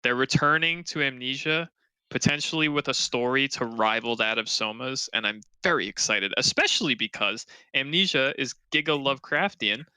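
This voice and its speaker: Bright-toned, smooth male co-host, emphatic and profane, close dry mic, casual gaming banter. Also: medium pitch, animated, normal speed, dry recording, low-quality recording. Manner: emphatic, swears often, argumentative. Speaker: podcast co-host.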